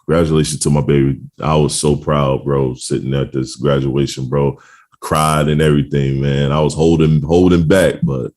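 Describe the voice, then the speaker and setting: A man's voice: very deep voice, little pitch movement, normal speed, a little mellow. A middle-aged man hosting a podcast, talking in a laid-back, casual way with lots of slang and laughter. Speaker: podcast host.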